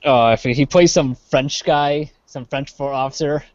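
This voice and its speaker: A man's voice: on the high side, moderate pace, darkish tone, no room sound. A man co-hosting a casual live-streamed chat, rambling with lots of fillers. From Chicago area. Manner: rambling, trails off with many uh fillers. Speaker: podcast co-host. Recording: dull lo-fi live stream audio.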